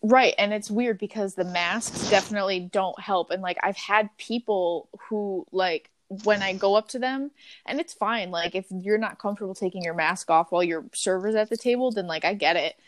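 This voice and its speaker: A woman in her twenties talking in a casual, animated chat about restaurant work, full of fillers and casual swearing. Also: mid-range voice, normal speed, slight background noise. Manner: animated storytelling with frequent fillers. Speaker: podcast host.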